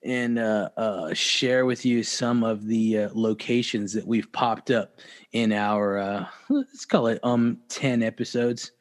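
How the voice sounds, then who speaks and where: A man's voice: lowish voice, fairly even intonation, slow. A man hosting a podcast, chatting casually and joking with loose, profane banter. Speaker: podcast host. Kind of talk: casual chat.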